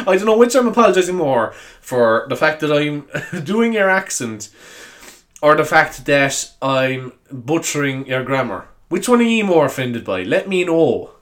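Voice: medium pitch, very animated, a little slow, fairly bright tone. A young adult podcaster with an Irish accent, chatting alone in a rambling, self-mocking way and laughing often. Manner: self-mocking, giggly, apologetic. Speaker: podcast host. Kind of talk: rambling solo podcast chat.

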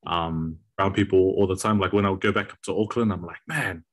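A young man with a New Zealand accent, a university student guest chatting in a relaxed way with frequent restarts. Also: low-pitched, fast. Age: young adult. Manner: relaxed, repeats words when starting. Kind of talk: casual chat.

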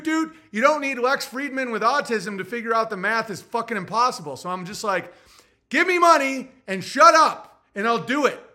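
A man streaming casually, profane and excitable, laughing often as he reacts to his chat. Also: sits high. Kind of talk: casual stream chat, reading viewer messages.

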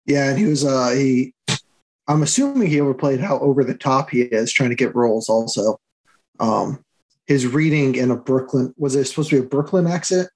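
A man's voice: mid-range voice, normal speed, a little mellow, poor audio. Easygoing male co-host reviewing a movie. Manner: easygoing, agreeing, trailing off when searching for names. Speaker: podcast co-host. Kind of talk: casual review chat.

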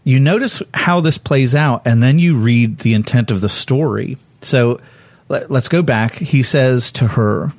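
A man preaching in a loose, conversational way, walking his listeners through a Bible story. He is lively and candid, slipping into the voices of the people in it with leaps in pitch. His voice sits at a middle pitch, and the sound is dry and close with no room echo. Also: a little slow. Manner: lively, acts out quoted voices with sudden jumps in pitch; candid and self-correcting.

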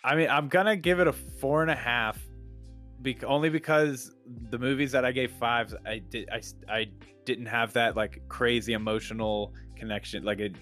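A man co-hosting a casual film review chat, talking in a relaxed, rambling way. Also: mid-range voice, normal speed, faint music behind. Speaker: podcast co-host.

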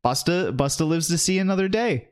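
A man's voice: on the high side, animated, brisk, smooth. A man co-hosting a podcast, retelling scenes animatedly in casual chat and cursing freely. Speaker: podcast co-host.

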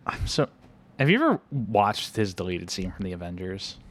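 Young male podcast co-host, low voice, loose filler-heavy movie chat. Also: big pitch swings, moderate pace, fairly bright tone. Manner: rambling, filler-heavy, laughs often. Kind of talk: casual movie-review chat.

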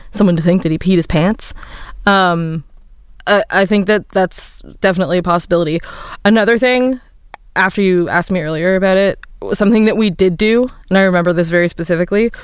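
A woman co-hosting a casual parenting chat, telling animated stories and jumping high in pitch when quoting her child. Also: smooth, no room sound, clean studio sound. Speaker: podcast co-host and mother.

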